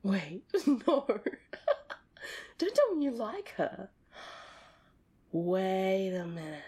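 A woman playing the listener's girlfriend in an audio role-play, talking in an expressive, conversational way that swings between loud and hushed. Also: medium pitch, extremely slow, husky. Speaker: girlfriend character addressing the listener.

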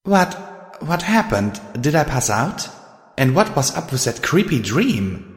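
A man voicing a kind pony alicorn in a raised, gentle, coaxing voice. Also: medium pitch, big pitch swings, slow, echoey room, in a large hall, voice pushed up. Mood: confused.

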